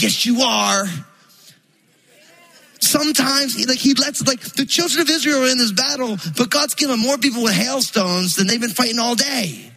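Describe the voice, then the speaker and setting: A pastor from New Jersey preaching a sermon, telling a story in a loose, chatty way full of fillers. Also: male voice, very high voice, bright, forceful tone, breathy edge, low-quality recording.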